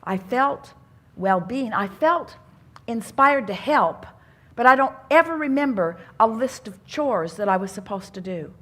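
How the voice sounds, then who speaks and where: A woman's voice: fairly high pitch, lively intonation, unhurried, a bit bright. A woman speaking to a live audience at a self-help seminar, teaching in an earnest tone with odd turns of phrase. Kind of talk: inspirational seminar talk.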